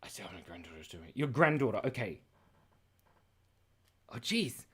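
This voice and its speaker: A very animated Australian man draws on a livestream, reacting to chat messages, laughing often, and rambling in a scattered fashion. His mid-range voice is a bit bright with a breathy edge, delivered at a moderate pace.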